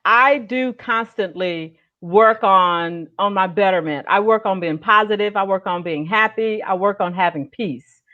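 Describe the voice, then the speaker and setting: Slow, measured woman on muffled audio. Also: mid-range voice, sharp tone. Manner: measured, reflective. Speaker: author and guest. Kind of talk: casual group chat.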